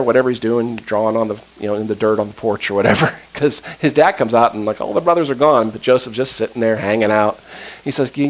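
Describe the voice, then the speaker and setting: Man preaching a lively story sermon. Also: mid-range voice, low-quality recording. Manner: storytelling with acted-out quotes and asides. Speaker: pastor.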